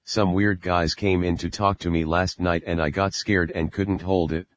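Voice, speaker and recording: A man reading the part of a scared four-year-old boy who answers quietly and apologetically, in a dull lo-fi recording. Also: low voice, little pitch movement, moderate pace, slight background noise, close to an everyday voice. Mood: timid.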